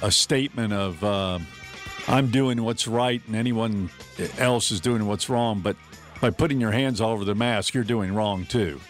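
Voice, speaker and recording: A man hosting a talk radio show, giving commentary in a conversational, measured way. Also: fairly low pitch, soft background music.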